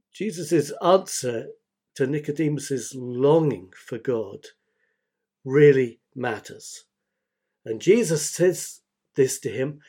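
Slow, deliberate male preacher. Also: on the high side, mellow, slightly rough. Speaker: pastor. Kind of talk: sermon.

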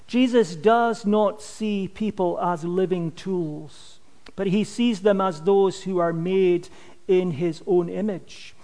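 A man's voice: high-pitched, big-room sound. A man preaching a sermon, earnest and emphatic, his voice falling away at the end of phrases. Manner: earnest, emphatic, drops loudness at phrase ends.

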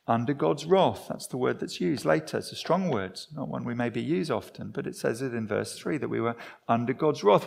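A man's voice: medium pitch, vocal fry, darkish tone. A man preaching a sermon in a conversational way, often restarting his phrases, at a church service.

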